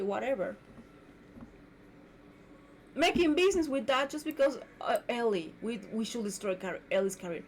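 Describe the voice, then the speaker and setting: A woman's voice: on the high side, animated, moderate pace, slight background noise. A woman hosting her own podcast, delivering an indignant, repetitive rant as a solo monologue. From Mexico. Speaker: podcast host.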